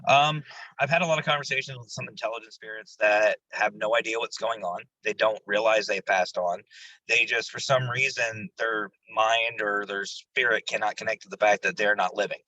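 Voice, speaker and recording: Guy with a sharp bright voice, a bit raspy, telling spooky stories real animated, dry sound. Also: on the low side, normal speed, no echo, highs cut off. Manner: animated, jumps into quoted voices, laughs while telling stories. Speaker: paranormal investigator guest. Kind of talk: casual interview storytelling.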